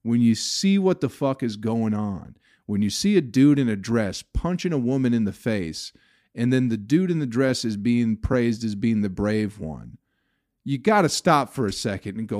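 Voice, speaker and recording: A man's voice: medium pitch, expressive, normal speed, a little mellow, no echo, clean studio sound. Profane, ranting male podcast comedian. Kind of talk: solo rambling podcast monologue.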